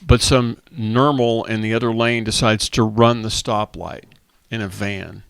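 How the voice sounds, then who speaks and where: A man's voice: fairly low pitch, steady tone, unhurried, gravelly, a bit bright, clear, resonant tone, no room sound. A middle-aged man hosting a podcast, chatting casually and telling stories in a talkative way. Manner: chatty storyteller, plugs local radio. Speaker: podcast host. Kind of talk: casual chat.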